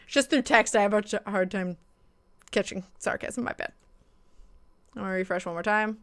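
Bright-voiced woman streamer chatting with chat. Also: medium pitch, fairly quick, pauses often, slight background noise. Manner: chatty, thanks chat viewers by name; playful mock indignation. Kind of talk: casual live-stream chat.

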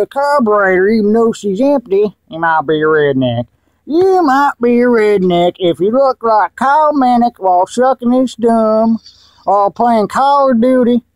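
A rowdy, crude hillbilly who dips tobacco, as a man puts him on, talking in a slow, high-pitched full of rambling fillers. The sound is close and dry. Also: dry recording. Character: loud crude male hillbilly tobacco dipper. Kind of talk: comedy character vlog.

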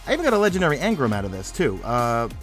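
A man's voice: mid-range voice, very fast, soft background music. A young man with a New York accent, sleepy and rambling as he narrates a game walkthrough. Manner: rambling, energetic, self-mocking. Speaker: gaming YouTuber.

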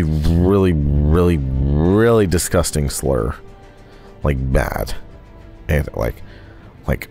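A man's voice: deep voice, warm tone. A young man co-hosting a game playthrough in casual chat, goofy and swearing, slipping into mock-solemn rants. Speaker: co-host of gaming playthrough. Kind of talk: casual chat while playing.

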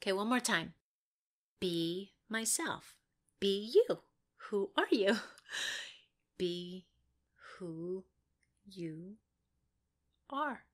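A woman's voice: on the high side, lively intonation, slow, pushed and bright, exaggerated voice. A woman playing an eager young actress. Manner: eager, dramatic, swings from whispers to outbursts. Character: hopeful young actress at an audition. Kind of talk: audio play monologue.

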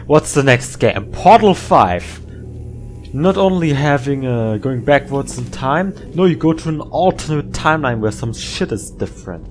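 A man's voice: medium pitch, animated, normal speed, hardly any pauses, faint music behind. A tired man giving late-night gameplay commentary, muttering and rambling to himself as he works through puzzles. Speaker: gamer playing a puzzle game.

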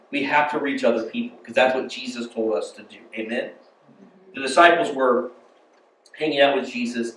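An American pastor gives a conversational, storytelling sermon in a church sanctuary, asking the congregation questions along the way. His mid-range voice is a bit bright and comes from off-mic at a distance, in an echoey hall with slight background noise.

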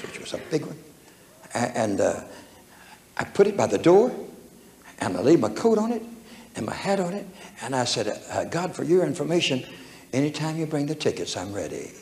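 In a sermon set in an echoey church hall with faint background noise, an older man with a slightly high, gravelly, somewhat mellow voice shares a personal story. He tells it in a folksy way, chuckling and playing out the voices.

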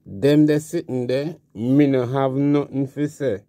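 Slow, mellow man commenting. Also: mid-range voice, dry recording, studio quality. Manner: laid-back commentary, repeats channel name. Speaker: channel host. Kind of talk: commentary vlog.

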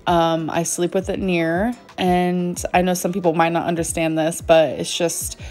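A woman in her thirties chatting casually to her viewers at home, unhurried and full of "um" and "like". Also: fairly low pitch, level tone, darkish tone, faint music behind. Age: 30s. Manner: unhurried, chatty, many fillers like "um" and "like". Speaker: vlogger. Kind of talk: casual vlog chat.

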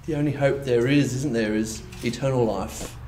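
A man preaching a sermon in a roomy, echoing church, with a faint hiss under his voice. He talks in an easy, conversational way and slips into lively mock quotes to make his points. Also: mid-range voice, normal speed. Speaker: pastor. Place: church hall.

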